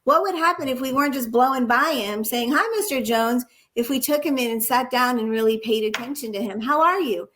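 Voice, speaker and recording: High-voiced earnest woman educator. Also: fast, few pauses, fairly bright tone. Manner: earnest, illustrates points with acted examples. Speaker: nursing educator and guest. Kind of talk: conversational interview, storytelling.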